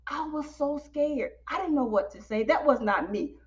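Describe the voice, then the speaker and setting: Woman host, live-stream storyteller, high and animated, talks right to her audience; mildly lo-fi sound. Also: moderate pace. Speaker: podcast host.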